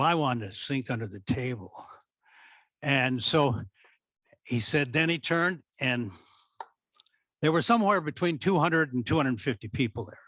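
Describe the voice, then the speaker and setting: Older Midwestern man, retired theatre director; lively raconteur who voices the people in his stories; dry close sound. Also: medium pitch, no room sound. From American Midwest. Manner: animated storyteller who acts out quoted speech. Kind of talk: storytelling reminiscence at a talk.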